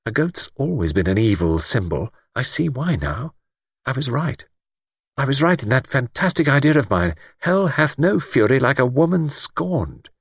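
A man doing a tense, sharp young woman. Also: mid-range voice, sing-song, normal speed, creaky, husky, dry recording, studio quality, pitched above the performer's own voice, heavily acted. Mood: tense thinking. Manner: tense inner voice, feigning drowsiness. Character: sharp-witted young woman, alert and tough.

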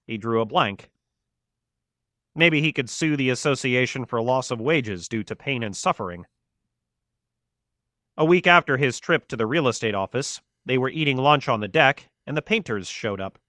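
Bright-voiced male audiobook narrator. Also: mid-range voice, animated, normal speed, no echo, studio quality. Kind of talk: scripted narration.

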